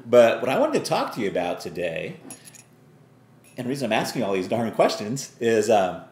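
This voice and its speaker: A middle-aged man talks to camera in a relaxed, folksy, meandering way, a little low in pitch and with a gravelly edge. The room around him gives his voice a noticeable echo. He sounds like a regular vlogger chatting with viewers. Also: a little hiss or hum. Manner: folksy, rambling, acts out exasperated quotes. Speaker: online business vlogger. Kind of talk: casual motivational talk to camera.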